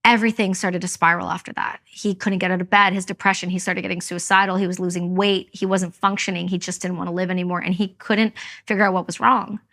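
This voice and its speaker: With a lowish, level voice that's fairly bright, a woman from Canada talks at a quick pace. She's a veteran on a podcast, recounting her personal story in an interview candidly and with emphasis, performing the quoted speech of others.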